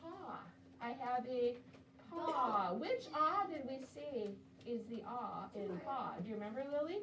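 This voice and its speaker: High-voiced woman teaching a classroom. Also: animated, fairly bright tone, a little hiss or hum. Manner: encouraging, sounds out words slowly. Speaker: second-grade teacher. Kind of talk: classroom phonics lesson. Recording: roomy classroom audio from a distance.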